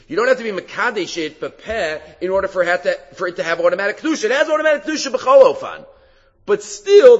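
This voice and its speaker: A man giving a Talmud class lecture, animated and often halting to restart his phrases. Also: on the high side. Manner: animated, acts out quoted rabbis in a raised voice; halting, with many fillers and restarts. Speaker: Talmud teacher. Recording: reverberant hall, dull lo-fi sound.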